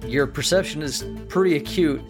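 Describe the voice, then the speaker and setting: A man's voice: on the high side, moderate pace. Male game master, casual bro-ish delivery, faint music underneath. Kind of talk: narrating a tabletop game.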